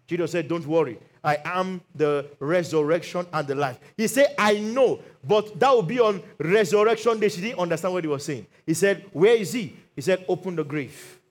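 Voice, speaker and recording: A man's voice: high voice, normal speed, hardly any pauses. A male pastor preaching a sermon, telling Bible stories with acted-out quotes and calls for amen. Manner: animated storytelling, acts out Bible quotes.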